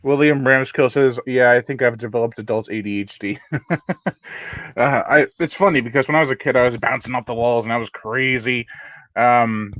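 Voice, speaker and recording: An adult man who hosts a horror channel runs a live unboxing stream, casual and self-deprecating, rambling and often restarting his sentences. His medium-pitched voice is steady, a bit bright, and at normal speed, on a muffled recording with no room sound.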